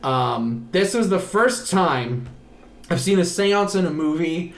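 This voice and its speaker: A podcast host with a fairly high, expressive voice casually recaps a movie, rambling, swearing, and acting out characters' lines. He speaks slowly, and the sound is roomy.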